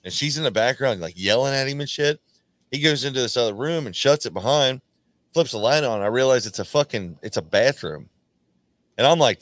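A man hosting a podcast, telling a rambling, profane story in casual chat, often restarting his sentences and acting out quoted lines in a louder, higher voice. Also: animated, fairly quick, dry recording. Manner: acts out quoted lines with sudden jumps in pitch. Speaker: podcast host.

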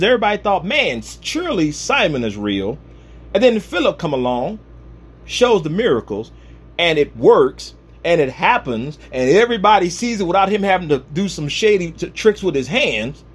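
An animated male preacher telling Bible stories with humor. His husky voice swings widely in pitch and sits a little high for a man. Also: moderate pace. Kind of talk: comic sermon storytelling.

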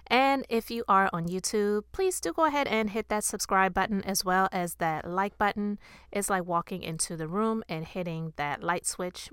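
A woman's voice: fairly low pitch, sharp tone, smooth, no echo, studio quality. A woman podcast host giving chatty, opinionated commentary with emphatic stress. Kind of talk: casual commentary.

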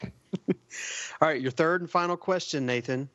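A slightly high-voiced man runs a casual podcast quiz, reading out questions and laughing off the teasing. The sound is dull and lo-fi, and the room is dead dry with no echo. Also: normal speed, bright, forceful tone. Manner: reads questions, laughs at banter. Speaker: quiz host.

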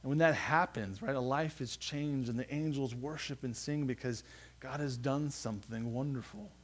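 A man preaching a sermon in an earnest, halting way, with frequent restarts and phrase endings that drop soft. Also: medium pitch. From United States. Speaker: pastor.

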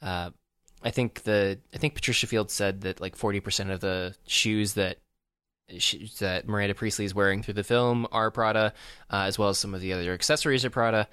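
A man co-hosting a podcast in casual chat, rambling and joking with lots of fillers and restarts, often jumping up in pitch when amused. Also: steady tone, brisk, a bit bright, clean tone, no room sound. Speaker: podcast co-host.

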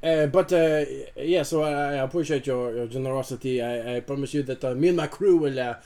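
A man's voice: medium pitch, mellow, lightly acted. A man putting on a bumbling shipwrecked sailor. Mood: flustered. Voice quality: exaggerated, wobbling foreign accent. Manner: halting, full of ums and restarts. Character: hapless male sailor who lost his cargo.

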